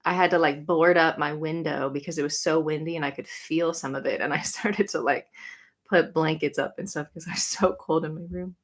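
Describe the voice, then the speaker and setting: A young woman chatting casually on a livestream, answering comments with lots of "like" and quick, bright greetings. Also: sits low. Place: home room.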